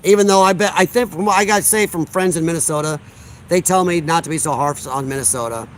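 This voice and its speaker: A man's voice: fairly high pitch, quick pace, slight background noise. A man from Illinois hosting a casual livestream outdoors on a deck, reading chat aloud in a blunt, combative, sarcastic way.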